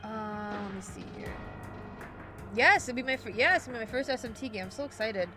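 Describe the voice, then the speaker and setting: A woman's voice: on the high side, moderate pace, music in the background. Giggly young woman streaming a game. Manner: giggly, chatty, reads chat aloud. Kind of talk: casual gaming stream chat.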